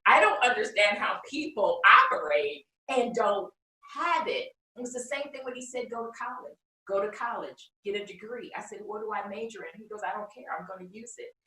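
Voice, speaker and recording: Woman guest, expressive storyteller acting out dialogue; bright tone, sits back from the mic in a roomy space. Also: mid-range voice, normal speed, far from the mic. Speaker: guest, founder of a faith project. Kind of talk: animated faith testimony in conversation. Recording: roomy sound, speaker away from the mic.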